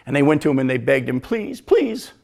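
A man preaching a sermon, moving from hushed, slow retellings to loud, pointed questions for the congregation. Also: medium pitch, flat delivery, gravelly. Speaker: pastor.

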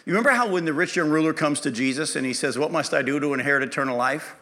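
Man, Bible lesson, high voice, bright tone, quizzes listeners, acts out quotes. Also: rapid-fire. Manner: lively, quizzes the class and acts out quoted speech. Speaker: Bible teacher.

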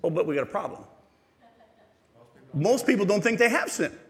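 A man preaching a sermon as pastor, animated and asking the congregation rhetorical questions. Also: sits high, normal speed, big-room sound.

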